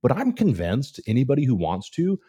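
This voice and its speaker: A man in his forties, a real estate guest on a casual podcast, tells animated stories and acts out the dialogue of the people in them. His voice is husky, medium in pitch, and brisk.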